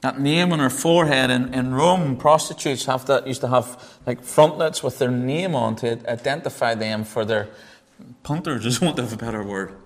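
A man with a Northern Irish accent preaching a Bible teaching sermon, conversational, with joking asides. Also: moderate pace. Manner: conversational, joking asides, pitch rising when stressing points.

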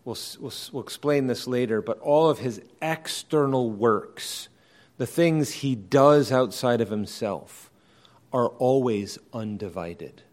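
A man preaching an evening sermon, explaining doctrine in a measured, emphatic way and often rephrasing his points. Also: medium pitch, a little mellow.

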